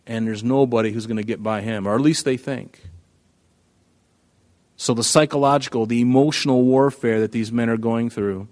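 A man preaching a sermon, emphatic, rising to loud peaks when he quotes scripture. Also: medium pitch, fairly even intonation, normal speed.

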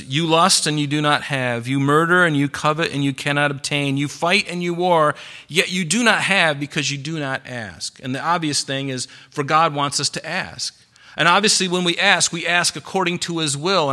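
A man's voice: on the high side, sharp tone. A male pastor preaching a Sunday sermon, asking the congregation questions and acting out the Bible stories he reads. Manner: preaching, rhetorical questions, voice rising and falling.

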